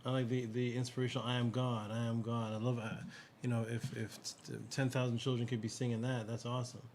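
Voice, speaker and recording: A man's voice: mid-range voice, flat delivery, brisk, a little mellow, a little hiss or hum. A man co-hosting a live stream, critiquing a song in a rambling way with many fillers and repetitions. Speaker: co-host reviewing songs. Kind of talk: casual live-stream chat.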